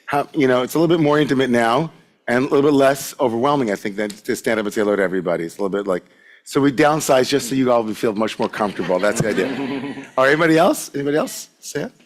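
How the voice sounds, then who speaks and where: Mid-range and animated, his voice moves at a quick pace. Leading the Friday evening service in a sanctuary full of congregants, he greets everyone and gives announcements, joking and chatting with lots of "likes" thrown in.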